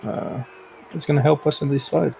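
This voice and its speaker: A man's voice: fairly high pitch, fairly even intonation, moderate pace, creaky, dark tone, slight background noise. A man playing a tabletop game, greeting friends in character with eager, friendly talk. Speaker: player.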